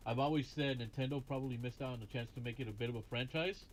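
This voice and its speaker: A man's voice: medium pitch, steady tone, racing, faint music behind. A man hosting a casual retro game stream, chatting and joking with a guest and often laughing at his own jokes. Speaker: stream host. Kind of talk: casual gaming stream chat.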